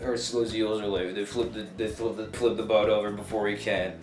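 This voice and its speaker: A man's voice: lowish voice, flat delivery, brisk, a little mellow. A young man casually rambling through a jokey retelling of a story, often breaking off mid-thought. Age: young adult. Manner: rambling, self-interrupting, jokey. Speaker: student video maker. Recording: echoey room with music.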